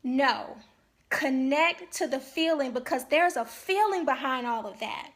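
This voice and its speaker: High-voiced woman giving earnest marriage advice. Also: a little slow. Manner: earnest, emphatic, checks in with repeated "okay?". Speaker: marriage counselor. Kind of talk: instructional talk to couples.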